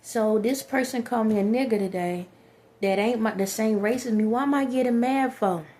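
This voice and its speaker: Chatty, higher-voiced woman vlogger. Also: moderate pace, a little mellow. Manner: chatty, rhetorical, laughs at own jokes. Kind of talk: casual monologue to camera.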